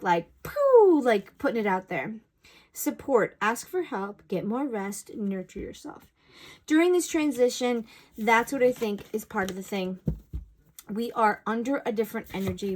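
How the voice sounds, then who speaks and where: Rambling woman giving spiritual guidance. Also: mid-range voice. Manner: rambling and conversational, with bursts of exclaimed asides. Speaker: intuitive reader giving a collective message. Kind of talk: casual spiritual guidance talk.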